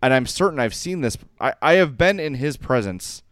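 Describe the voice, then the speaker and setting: A man's voice: mid-range voice, expressive, normal speed, no echo, studio quality. A man co-hosting a podcast in casual chat, rambling and self-deprecating, often laughing. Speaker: podcast co-host.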